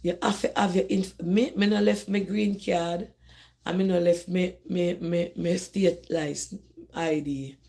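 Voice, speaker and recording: A woman's voice: on the low side, fairly even intonation, measured pace, gravelly, dark tone. A middle-aged woman from Jamaica with a Jamaican accent, hosting a live phone stream and talking animatedly straight to her viewers, often repeating herself and restarting. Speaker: host of a live call-in discussion. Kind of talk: casual live-stream talk.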